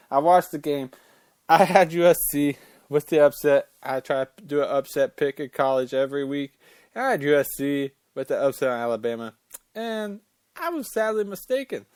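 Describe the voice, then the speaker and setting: A man's voice: a little high, darkish tone, smooth, no room sound. A man hosting a casual sports talk show, ranting about college football rankings in an opinionated, fired-up way and cussing as he gets worked up.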